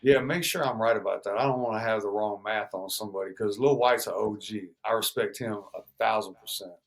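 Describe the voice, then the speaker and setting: Man, casual interview, profane, animated storyteller, imitates quoted people. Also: lowish voice, fairly quick, gravelly. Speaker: guest musician.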